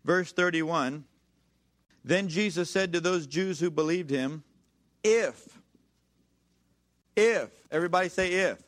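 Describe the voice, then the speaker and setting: A man preaching a sermon, repeating key phrases, reading scripture slowly and calling on the congregation to answer back. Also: fairly high pitch, fairly bright tone. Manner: calls for congregation responses.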